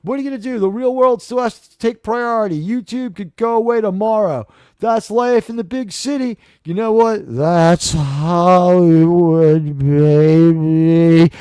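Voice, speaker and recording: A man's voice: very high-pitched, fairly quick, darkish tone, no echo, clean studio sound. A man hosting a live-stream talk show, rambling and brash in a casual monologue that slips into swearing. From New York, USA.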